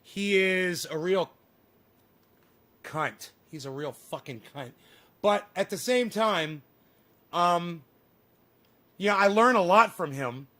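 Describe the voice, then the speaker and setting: A man's voice: high-pitched, animated, slow, long pauses, a bit bright. A man ranting profanely and combatively at his livestream chat. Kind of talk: casual livestream rant.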